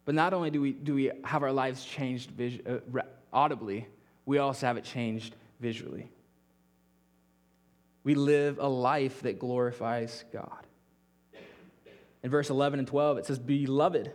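A young adult man preaching a sermon as pastor, earnest, often dropping his voice softly at the ends of phrases. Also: medium pitch, steady tone, unhurried, pauses often. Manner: earnest, drops to a soft near-whisper at phrase ends.

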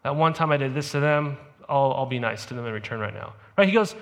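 A man's voice: mid-range voice, lively intonation, quick pace, fairly bright tone. A male pastor preaching a sermon in a conversational way, often checking in with "right?". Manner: conversational, peppered with "right?" asides. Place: church service.

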